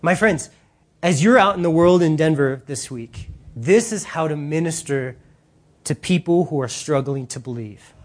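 A man preaching a sermon in an animated, casual way, using slang and acting out voices. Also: a little high, normal speed.

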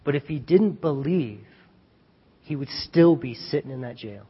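A male preacher giving an animated sermon, retelling a story and acting out the scenes. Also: medium pitch, unhurried, slightly rough. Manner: animated, acts out scenes, chuckles at own jokes. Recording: dull reverberant hall recording.

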